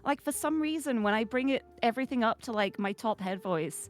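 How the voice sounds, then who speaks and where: A woman's voice: fairly high pitch, a little fast, hardly any pauses, soft background music. A woman streamer chatting casually, giggling often and filling her talk with likes.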